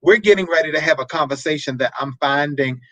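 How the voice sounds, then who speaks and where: A man hosting a marriage advice show, talking in a preacherly way, repeating words and breaking into animated asides. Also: a little high, quick pace, no echo, low-quality recording. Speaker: marriage talk show host.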